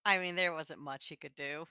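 A woman co-hosting a casual chat, animated and quick to laugh, with sarcastic asides. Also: low voice, smooth, no room sound, lo-fi sound. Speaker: co-host.

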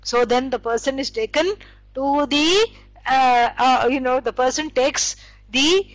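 A woman's voice: high voice, measured pace, no echo, poor audio. A woman teaching scripture, explaining with stories and acted quotes, using many fillers. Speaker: spiritual teacher. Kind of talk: scripture lecture.

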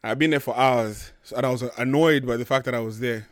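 A man's voice: mid-range voice, fairly quick, dry recording, clean studio sound. A young man hosting a talk show, ranting bluntly and profanely in casual chat. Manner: blunt, profane, animated storytelling. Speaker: podcast host. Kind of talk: heated casual rant.

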